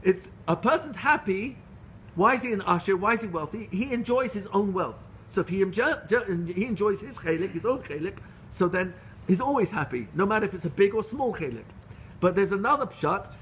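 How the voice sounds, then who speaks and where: A middle-aged rabbi giving a Torah lecture, telling stories in an earnest, animated way with frequent restarts. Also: male voice, high-pitched, fairly quick, a little hiss or hum. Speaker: rabbi teaching a class.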